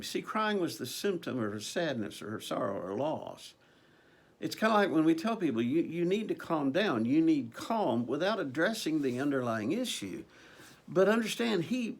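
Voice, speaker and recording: Guy preaching a sermon, kinda high voice, swoops up and down a lot, earnest and chatty with ums. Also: gravelly. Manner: earnest, conversational, with many ums and repeated phrases.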